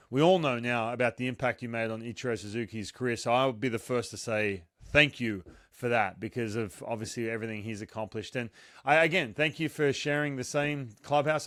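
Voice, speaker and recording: A man's voice: medium pitch, fairly bright tone, dry recording, clean studio sound. A middle-aged man with an Australian accent, hosting a casual podcast chat in a playful, joking way that often breaks into laughter. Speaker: podcast host.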